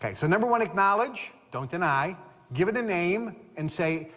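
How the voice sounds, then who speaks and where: A man giving a motivational talk in a lively, swooping voice that sits a little high. He is emphatic and repeats key phrases for stress, and a long reverb trails behind his words as if in a large hall. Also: normal speed. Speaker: motivational speaker.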